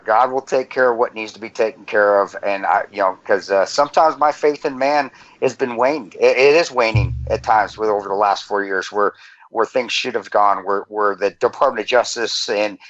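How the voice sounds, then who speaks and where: A man co-hosting a podcast, talking earnestly with many halting restarts, on dull lo-fi audio. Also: lowish voice, fairly bright tone. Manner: halting, repeats words, earnest. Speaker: podcast co-host. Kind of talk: casual conversation.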